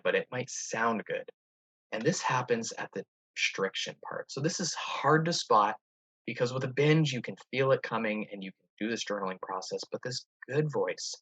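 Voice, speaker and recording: A man with a husky voice explains his coaching ideas in an earnest, repetitive way, checking in with the listener as he goes. The sound is dry and dull, like a lo-fi home recording. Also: on the low side, fairly bright tone, no room sound. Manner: earnest and repetitive, often adds "right?". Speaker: eating coach. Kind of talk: casual instructional talk.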